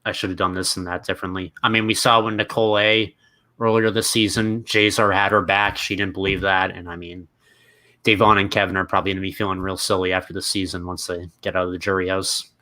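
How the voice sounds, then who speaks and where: Low bright-voiced man on a call. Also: flat delivery, brisk. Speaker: podcast co-host. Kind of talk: casual recap chat.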